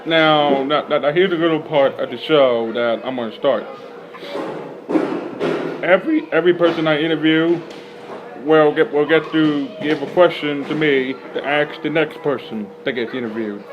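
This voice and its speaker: Male interviewer, mid-pitched, stumbling over his words, with clear background noise. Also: highs cut off. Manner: halting, repeats words while asking questions. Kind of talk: casual interview.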